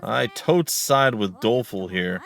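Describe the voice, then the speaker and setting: A man puts on a breezy valley girl who stretches her words out slowly. She sounds airy and carefree, a video game character with a bubbly streak. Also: lowish voice, animated, gravelly. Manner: drawling valley-girl slang.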